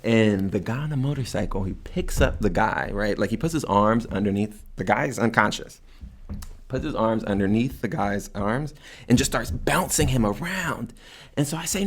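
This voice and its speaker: Chatty man telling a travel story. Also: moderate pace. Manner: animated, many fillers, jumps high when quoting himself. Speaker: community member telling a story. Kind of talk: casual storytelling.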